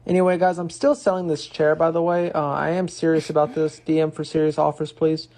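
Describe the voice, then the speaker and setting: A woman narrating a vlog in a slow, deadpan way. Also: low-pitched.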